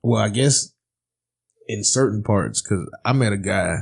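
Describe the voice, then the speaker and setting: A man's voice: fairly low pitch, a little slow, vocal fry, breathy edge. A man from Chicago, a guest on a podcast, telling stories in casual chat, swearing often and laughing. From Chicago, United States. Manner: profane, laughing, animated storytelling.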